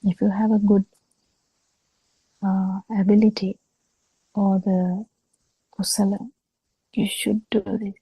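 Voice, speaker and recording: Slow, gravelly-voiced woman teaching calmly. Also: mid-range voice, no echo, highs cut off. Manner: slow, halting explanation with frequent pauses. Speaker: Buddhist teacher. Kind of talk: dharma talk on a video call. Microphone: video call.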